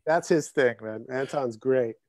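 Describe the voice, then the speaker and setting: A man's voice: mid-range voice, a little slow, no room sound, clean studio sound. A man, a guest drummer, telling stories with lots of laughter in a casual chat over a video call. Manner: animated storyteller, laughs often. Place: home, in Connecticut.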